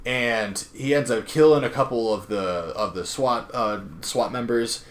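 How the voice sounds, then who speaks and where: A man's voice: medium pitch, unhurried. A young man casually recapping a comic book with lots of fillers, acting out the characters' lines as he goes. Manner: rambling, filler-heavy, acts out characters' lines. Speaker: comic book podcast host.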